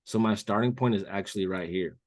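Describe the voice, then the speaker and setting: Male trading mentor, low voice, casual slangy delivery, dry close mic. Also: brisk, a little mellow, no echo. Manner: casual, says "bro" a lot. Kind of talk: live trading call walkthrough.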